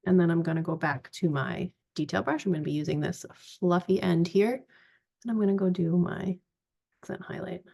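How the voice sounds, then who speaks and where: A woman in her forties giving a chatty, relaxed step-by-step makeup tutorial. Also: on the low side, normal speed, creaky, slightly rough. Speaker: makeup vlogger.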